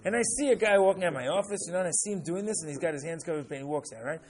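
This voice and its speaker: Lively higher-voiced male teacher. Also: rapid-fire. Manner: animated, keeps asking "right?"; acts out examples with rising excitement. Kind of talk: classroom lecture.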